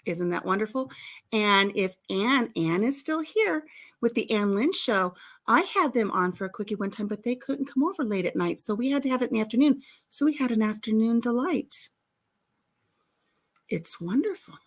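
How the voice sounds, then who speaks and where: A middle-aged livestream host recounts her childhood in casual, giggly chatter peppered with playful innuendo. Her fairly high voice is animated and moves at a normal speed.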